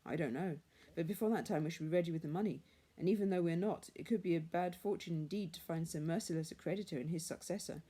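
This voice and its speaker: A woman voicing a poor husband speaking low and confiding to his wife, in a storybook reading. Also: quick pace, few pauses, warm tone, breathy edge. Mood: relieved.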